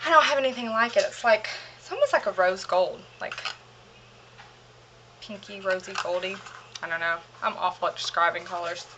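A woman's voice: medium pitch, normal speed, long pauses, noisy background. A young woman chatting through a makeup haul, gushing and rambling with lots of fillers, a little out of breath as she hurries. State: slightly out of breath, hurrying. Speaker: beauty vlogger. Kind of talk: casual chatty product haul.

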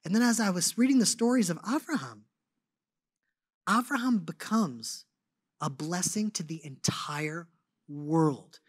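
A man giving a sermon as a guest speaker, telling stories in an animated, conversational way with lots of casual fillers. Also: sits high, measured pace, pauses often, slightly rough, no echo, studio quality. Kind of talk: storytelling sermon.

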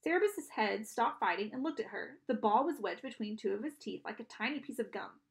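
Woman audiobook reader, expressive, a little high, lively storybook narration. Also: a little fast, creaky.

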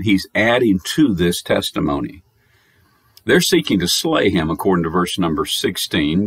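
A male American pastor delivers a pre-recorded sermon in a somewhat low, slightly husky voice. His pitch rises and falls widely as he presses home repeated, emphatic phrases and reads scripture aloud in archaic wording. The recording is close and dry. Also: dry recording. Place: recorded message, dry sound.

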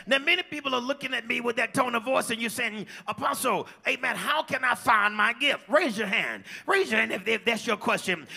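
Male pastor, high gravelly voice, call-and-response sermon, live church stream with music. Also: fairly quick, hardly any pauses, pushed and bright. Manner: call-and-response preaching, sings phrases. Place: large church.

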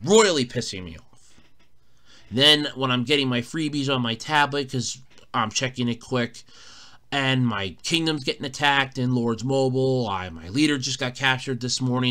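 A man's voice: medium pitch, a bit bright. A man hosting a casual solo podcast, telling an exasperated, swearing story, recorded in a borrowed room at a fire company. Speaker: podcast host.

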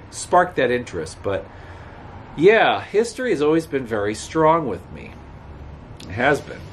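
A man vlogging outdoors by a road, rambling casually to camera with chuckles. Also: fairly low pitch. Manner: rambling, chatty, chuckling, talks back to passing traffic. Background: faint outdoor ambience, passing cars.

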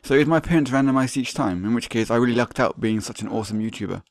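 Sweary gamer commentating. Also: male voice, mid-range voice, rapid-fire, no echo, studio quality. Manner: sweary, sarcastic running commentary. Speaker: gaming YouTuber. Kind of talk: let's play commentary.

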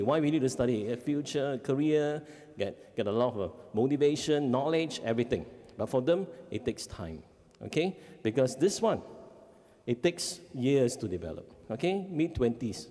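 Animated Singaporean man in a hall. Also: a little high, normal speed. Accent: Singaporean English. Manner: animated, acts out kids' voices, frequent "okay?" checks. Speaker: family life educator. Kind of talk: parenting seminar talk. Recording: long hall reverb.

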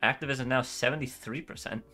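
A man playing along in a story game, chatting casually with quick reactions. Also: mid-range voice, steady tone, bright, forceful tone, faint music behind. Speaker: co-player making the choices. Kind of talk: casual chat while playing.

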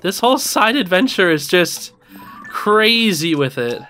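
A gaming host giving excitable let's-play commentary, reacting aloud and talking to on-screen enemies. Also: medium pitch, unhurried, soft background music.

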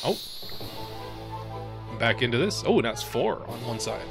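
A man's voice: mid-range voice, very animated, measured pace, long pauses. A man commenting on a game he is playing for the first time, reading the characters' lines aloud in playful theatrical voices. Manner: reads game dialogue in playful theatrical voices, swears casually. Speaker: let's player. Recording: faint game music behind.

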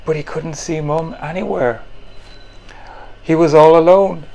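A man, the author, reading his children's picture book in an animated, playful way and making the sound effects himself. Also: fairly high pitch, a little slow, gravelly.

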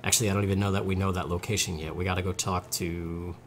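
A man's voice: low voice, flat delivery, fast talker, noisy background. A man hosting casual gameplay commentary, rambling and joking, often mocking himself. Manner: jokey, rambling, self-mocking. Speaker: gaming channel host.

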